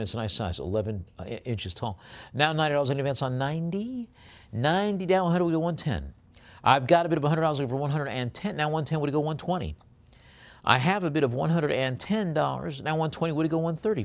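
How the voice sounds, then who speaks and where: Brisk chanting male auctioneer. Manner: brisk rhythmic chanting of bid increments; drops low and soft on a coaxing "please". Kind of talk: live auction bid calling.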